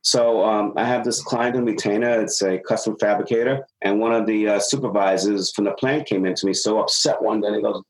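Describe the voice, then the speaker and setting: A man's voice: on the low side, a little fast, hardly any pauses, rough recording. A man working as a business consultant, giving advice in a casual talk and acting out dialogue as he tells stories. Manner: animated storyteller acting out dialogue.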